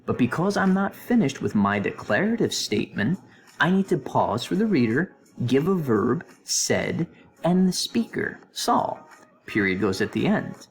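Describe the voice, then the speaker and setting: A male English teacher giving a recorded grammar review lesson in an animated voice, with playful asides to students. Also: mid-range voice, unhurried.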